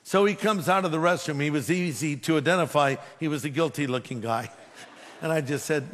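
A man's voice: on the high side, brisk, a little hiss or hum. A man who is a pastor, preaching a sermon with emphatic delivery and humorous storytelling. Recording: long hall reverb.

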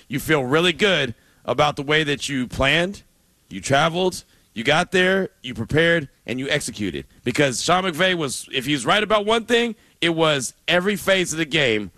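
A man co-hosting a sports radio show, talking in an animated, joking, conversational way. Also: fairly high pitch, moderate pace, no echo. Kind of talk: casual sports radio banter.

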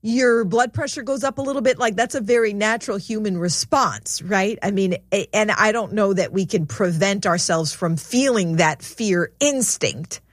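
A woman's voice: medium pitch, moderate pace, few pauses, dry recording, studio quality. A woman co-hosting a faith talk show, telling stories in a chatty way and laughing as she goes. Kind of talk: casual conversational storytelling.

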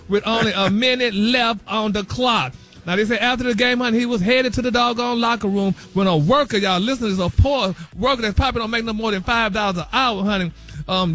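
A man's voice: high voice, a bit bright. A man delivering celebrity gossip on a morning radio show in a sassy, dramatic way, calling everyone honey and y'all. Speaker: celebrity news correspondent.

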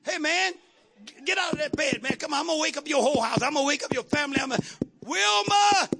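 Preacher plays an insistent bread-begging neighbor, pleading, bright and raspy. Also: male voice, extremely high pitch, measured pace, heavily acted. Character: pushy desperate man begging bread at midnight.

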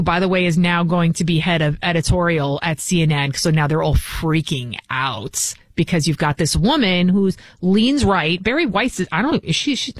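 A woman's voice: on the low side, no echo. A woman filling in as a talk radio host, delivering a combative, scornful political monologue into a studio mic.

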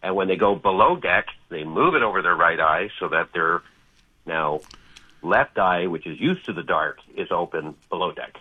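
A man's voice: sits low, expressive, normal speed, husky, dry recording. A man calling into a radio show, friendly and a bit hesitant as he poses a trivia question. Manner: friendly, a little hesitant, repeats words. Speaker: radio caller. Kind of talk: asking a trivia question on a phone call. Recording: tinny phone line.

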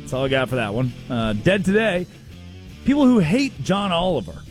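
A man hosting a casual, comedic sports talk show, telling stories with quick asides. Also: a little high, soft background music. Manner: animated storytelling with quick asides. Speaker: sports radio host.

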